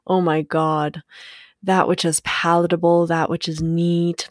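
A woman hosts her podcast alone, unhurried and musing, with a fairly low voice. She swears freely and laughs easily. The sound is dry and close, with no room around it. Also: level tone, dry recording. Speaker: podcast host. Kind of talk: casual solo podcast monologue.

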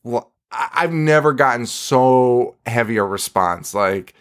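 A man's voice: medium pitch, a little slow, clean tone. A man in his thirties co-hosting a podcast, talking casually, swearing and laughing a lot. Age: 30s. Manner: animated, swearing, laughing often. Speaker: podcast co-host. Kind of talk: casual chat.

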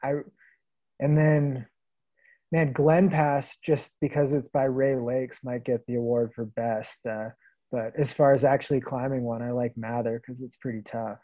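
Easygoing man with a mellow voice. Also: mid-range voice, flat delivery, unhurried, no echo, highs cut off. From Vancouver, Washington. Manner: easygoing storyteller, laughs often. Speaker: guest, long-distance hiker. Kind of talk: relaxed podcast interview.

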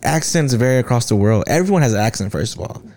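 A young man hosting a podcast, talking casually with lots of slang and quick excited reactions. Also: mid-range voice. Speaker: podcast host. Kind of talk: casual chat.

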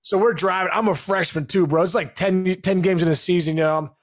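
A man co-hosting a podcast, telling a long story in casual chat, animated and laughing, calling his friend bro. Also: high-pitched, brisk. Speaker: podcast co-host.

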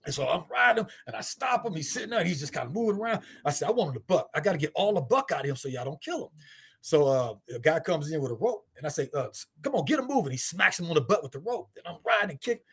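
Fast, lively husky man from St. Louis. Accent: St. Louis, African American Vernacular English. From St. Louis, USA. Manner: acts out dialogue in high voices, laughs often. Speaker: guest storyteller, martial artist. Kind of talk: animated casual storytelling.

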